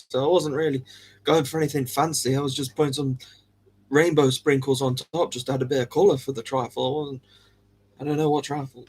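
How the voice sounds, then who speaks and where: A man hosting a livestream, chatting casually with viewers in a jokey, giggly way. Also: medium pitch. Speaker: livestream host.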